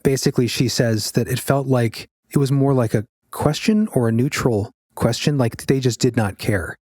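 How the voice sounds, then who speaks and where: A man's voice: medium pitch, lively intonation, normal speed, darkish tone, no echo. Dry-sounding casual male co-host. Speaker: podcast co-host. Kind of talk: casual chat.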